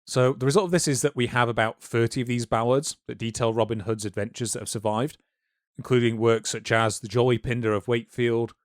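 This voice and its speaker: A man talks through history for a podcast in a relaxed, lecturing manner, full of small asides and fillers. His voice sits at an ordinary middle pitch. The sound is close and dry. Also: brisk, no room sound. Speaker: podcast co-host. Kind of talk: casual history podcast explaining.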